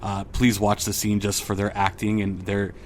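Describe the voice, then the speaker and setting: A young man with a fairly low voice hosts a laid-back pop culture podcast. He talks in an easygoing way, full of ums and likes. He often stops to read scenes aloud, with a faint hiss in the background. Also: normal speed. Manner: relaxed, reads film lines aloud, frequent fillers. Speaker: podcast host. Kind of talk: casual pop culture chat.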